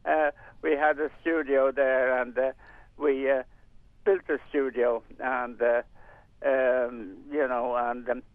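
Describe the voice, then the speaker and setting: A man's voice: medium pitch, flat delivery, slow pace, no room sound. An older man being interviewed on radio, talking in a rambling, hesitant way with many fillers and restarts. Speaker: community radio volunteer and presenter. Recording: tinny phone-line sound, dry.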